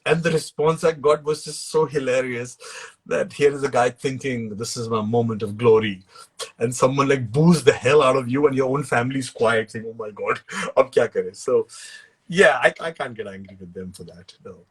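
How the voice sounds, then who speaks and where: A man with an Indian English accent tells his stories in a relaxed, husky voice. He laughs often and slips Hindi phrases into his English. The sound comes through a video call. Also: mid-range voice, normal speed. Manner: laughs while telling anecdotes, mixes in Hindi phrases. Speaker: actor and author, guest. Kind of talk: relaxed storytelling in an interview.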